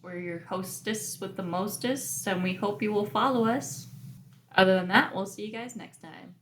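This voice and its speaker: A woman's voice: medium pitch, moderate pace, a bit bright, slight background noise. A woman co-hosting a casual podcast, talking in a playful, unsure way with rising, pleading questions. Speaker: podcast co-host.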